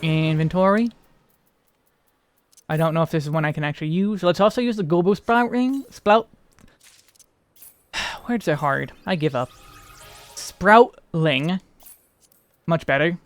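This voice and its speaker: High, smooth-voiced American streamer. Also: male voice, brisk, pauses often, soft background music. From United States. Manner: rambling, self-deprecating chatter. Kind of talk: casual gameplay commentary.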